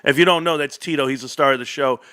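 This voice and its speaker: A man's voice: medium pitch, fast, sharp tone, smooth. A man hosting a casual stock market livestream from home, chatting directly to his viewers. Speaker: livestream host.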